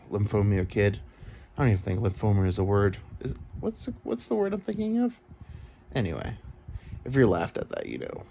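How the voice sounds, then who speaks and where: A man's voice: on the low side, gravelly, dark tone, a little hiss or hum. A man in his thirties rambling through a crude, self-deprecating solo comedy monologue. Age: 30s.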